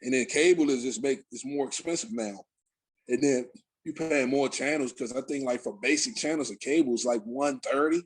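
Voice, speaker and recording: A man's voice: mid-range voice, normal speed, breathy edge. A young adult man on a podcast, telling casual, profane stories with lots of fillers. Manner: loose, profane storytelling with many fillers. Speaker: podcast host. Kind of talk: casual chat.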